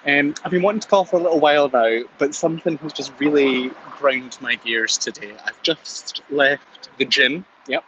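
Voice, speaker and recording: A man's voice: fairly high pitch, moderate pace, muffled recording, background noise. Scottish man ranting in a voice message. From Scotland. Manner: chatty, ranting cheerfully. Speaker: caller.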